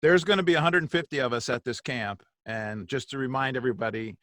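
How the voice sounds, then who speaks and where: A man hosting a casual interview, enthusiastic and quick to laugh. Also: mid-range voice, a bit bright, no room sound. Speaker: podcast host.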